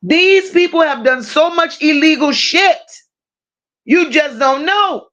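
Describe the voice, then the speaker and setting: Woman, livestream host, high-pitched voice, blunt, profane, animated banter, reads chat comments aloud. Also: slow pace, muffled recording. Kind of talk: casual true-crime livestream chat.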